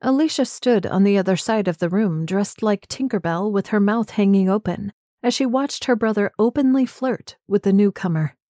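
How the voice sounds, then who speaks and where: A woman's voice: medium pitch, normal speed, hardly any pauses, mellow, dry recording, clean studio sound. A woman narrating excerpts from several novels as an audiobook reader. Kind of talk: scripted narration.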